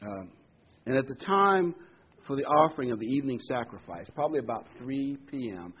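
A man's voice: medium pitch, lively intonation, fairly quick, breathy edge, lo-fi sound. A man preaching a sermon, retelling a scripture story with many asides and fillers.

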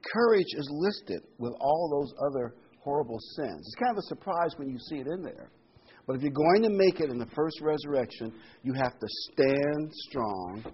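A man preaching a sermon to his congregation. He leans hard on key words and repeats them, with loud bursts on the stressed ones. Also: medium pitch. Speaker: pastor. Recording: slightly dull lo-fi sound with faint room noise.

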